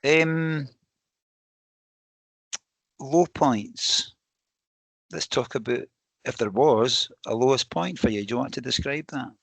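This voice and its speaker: A middle-aged man hosting a podcast, with a gravelly, fry-tinged voice. He encourages his guest and thinks out loud between questions. The recording is dry and close. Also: medium pitch, slow, long pauses, no echo. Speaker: podcast host. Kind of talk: casual interview chat.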